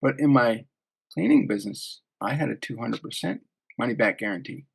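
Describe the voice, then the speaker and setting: A man hosting a podcast, talking in a relaxed, conversational way about his own business. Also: medium pitch, normal speed, creaky, husky. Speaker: podcast host. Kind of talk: casual interview chat.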